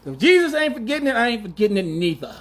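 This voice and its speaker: A man in his forties holds forth on a podcast in a casual, slangy monologue. His voice sits high and swings widely as he teases and acts outraged. He laughs often between points. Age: 40s. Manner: slangy, teasing. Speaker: podcast host.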